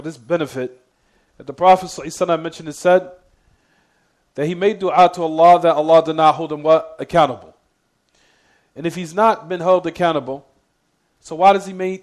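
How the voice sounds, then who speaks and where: Brief: male teacher, rapid delivery, slightly high voice, prompts class and repeats himself. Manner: reads Arabic quotations quickly. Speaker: Islamic teacher. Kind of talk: religious lesson.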